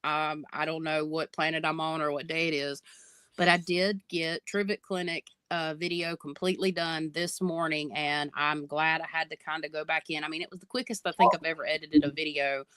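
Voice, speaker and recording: A woman, co-hosting a casual livestream chat, chatty and quick to laugh. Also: sits low, flat delivery, a bit bright, clean tone, dry recording. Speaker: co-host, paranormal investigator.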